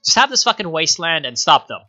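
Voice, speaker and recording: Panicking court officials, as a man puts them on, frantic and dismissive, with a bright, slightly raised voice. The stream audio is dull and lo-fi, with faint music underneath. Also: on the high side, very animated, quick pace, voice pushed up. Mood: panicked.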